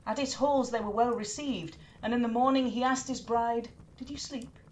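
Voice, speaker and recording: A woman storyteller narrating a myth in an expressive, lilting way. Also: a little high, normal speed, slight background noise.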